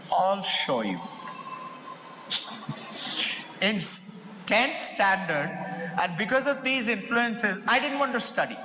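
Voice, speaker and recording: A high-pitched, bright-voiced man with an Indian English accent, speaking to parents as school president. He tells stories with lively acted-out quotes, and his voice rings through a large echoey hall with faint background ambience. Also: slight background noise. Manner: animated storyteller, acts out quoted voices. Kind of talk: motivational talk with personal stories. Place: large hall before an audience.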